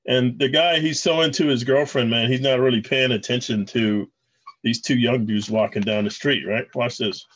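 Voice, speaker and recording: A man's voice: medium pitch, fairly even intonation, normal speed, husky. Rambling male vlogger, muffled lo-fi sound. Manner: rambling, addresses viewers as guys. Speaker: channel host. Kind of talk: casual commentary over clips.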